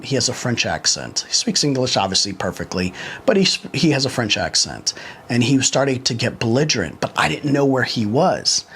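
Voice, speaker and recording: A man's voice: mid-range voice, fairly bright tone, slight background noise. A man who runs a valet company telling a long story about a former employee in a casual, rambling way, acting out what others said. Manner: rambling, conversational, quotes others in dialogue.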